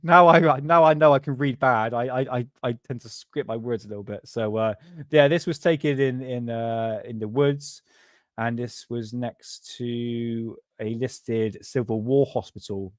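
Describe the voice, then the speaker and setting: Male livestream host, cheeky and rambling, mid-pitched voice, dry close sound. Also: unhurried, no echo. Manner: rambling, laughing, cheeky, swears freely. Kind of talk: casual livestream chat.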